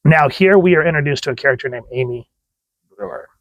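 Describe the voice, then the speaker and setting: A man's voice: fairly high pitch, fast, no room sound, poor audio. A man reviewing a comic book in a casual, chatty way, often restarting his phrases. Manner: chatty, restarts phrases, reads panels aloud.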